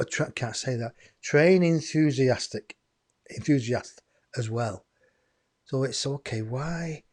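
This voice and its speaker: A man with a mid-range, somewhat dark voice hosts a live-streamed psychic medium show. He rambles and chats as he addresses his viewers.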